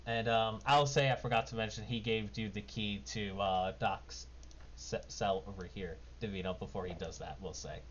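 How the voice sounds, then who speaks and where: Low-voiced casual game master. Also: male voice, fairly even intonation, normal speed. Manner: casual, rambling, with many fillers. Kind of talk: narrating a tabletop game. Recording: dull lo-fi mic with faint noise.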